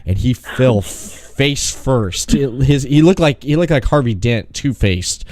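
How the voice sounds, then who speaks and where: A man's voice: medium pitch, expressive, a little slow, a little mellow, no room sound, clean studio sound. A man hosting a podcast interview, telling long rambling stories and laughing often. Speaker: podcast host. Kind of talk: casual phone interview.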